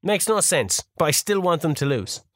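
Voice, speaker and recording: A man's voice: fairly high pitch, very animated, moderate pace, a bit bright, no room sound, clean studio sound. A young Irish man co-hosting a casual podcast, heckling and teasing his friend with plenty of swearing. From Ireland. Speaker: podcast co-host. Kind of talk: casual banter.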